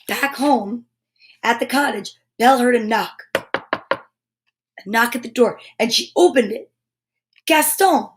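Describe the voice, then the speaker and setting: Woman, children's storyteller, animated, slightly high voice, slow reading. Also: a little hiss or hum. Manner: animated, with gasps and asides. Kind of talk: reading a picture book aloud to children.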